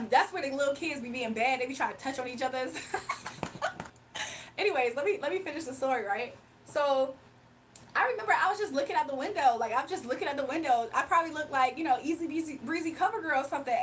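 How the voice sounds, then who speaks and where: Young woman streamer, high-pitched, chatty animated storyteller, casual asides to the chat. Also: brisk, recorded from a distance, a little hiss or hum, poor audio. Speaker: livestreamer.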